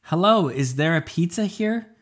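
A man's voice: fairly high pitch, expressive, moderate pace, pitched above the performer's own voice. A man voicing a friendly female schoolteacher who is polite and a little hesitant. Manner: bright, polite, slightly hesitant.

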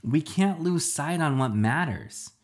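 A man's voice: on the high side, expressive, unhurried, voice pushed up. A man reading a storybook aloud, voicing a secretive young girl genius who argues insistently. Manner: pressing, argumentative.

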